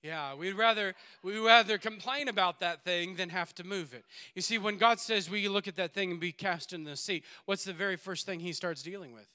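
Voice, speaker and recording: A man preaching a sermon in a church, swinging between loud exhortation and quiet asides and laughing often. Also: high-pitched, brisk, few pauses, clear, resonant tone. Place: church sanctuary.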